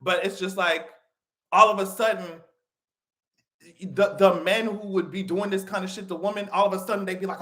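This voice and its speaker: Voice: medium pitch, normal speed. A live-stream commentator talking casually, swearing freely and laughing often. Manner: profane, animated, laughs often.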